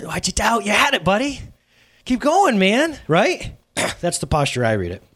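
Lively, conversational male pastor preaching. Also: on the high side. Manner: conversational, self-deprecating, asks the congregation questions. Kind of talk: casual sermon.

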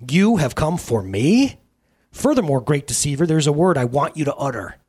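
A man's voice: fairly high pitch, very animated, moderate pace, darkish tone, breathy edge, pitched above the performer's own voice. A man voicing a commanding, solemn holy man in a dramatic book reading.

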